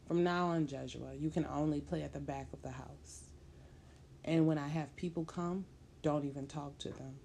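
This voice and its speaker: A woman's voice: sits low, steady tone, normal speed, gravelly, dark tone, a little hiss or hum. A woman voicing a fiercely protective young mother who speaks sternly and intensely. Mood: fierce tender.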